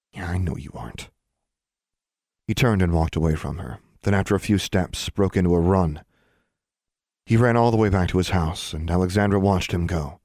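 A man narrating an audiobook in a measured storytelling manner. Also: sits low, a little mellow, dry recording, clean studio sound. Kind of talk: scripted narration.

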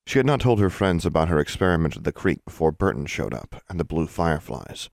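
A man with a very low, deep voice narrates an audiobook in a steady, measured way. The recording is dry and close, with no room sound. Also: vocal fry, dry recording.

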